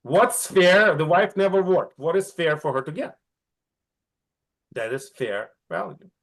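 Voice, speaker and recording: A man's voice: a little high, animated, measured pace, fairly bright tone. A middle-aged man teaching an online class, asking the students questions and often checking in with "right?". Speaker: instructor.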